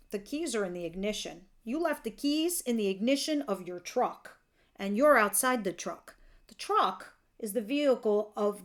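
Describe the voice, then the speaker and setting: A woman giving a casual tarot reading, chatty and candid, who laughs easily and swears now and then. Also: fairly high pitch. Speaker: tarot reader.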